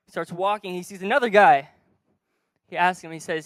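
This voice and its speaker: High, smooth-voiced male preacher. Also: fairly even intonation, fast, no room sound. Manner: acts out dialogue, swinging between soft and loud. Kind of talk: sermon storytelling. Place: church stage.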